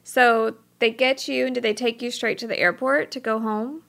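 A woman's voice: a little high, fairly even intonation, moderate pace, gravelly, a bit bright. A woman hosting an interview, asking questions and reacting with short sympathetic exclamations. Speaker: interview host. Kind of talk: casual interview chat.

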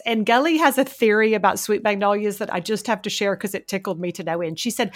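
A woman from the American South co-hosting a podcast in casual, animated chat. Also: medium pitch, fast talker, hardly any pauses. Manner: chatty, animated storytelling. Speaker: podcast co-host.

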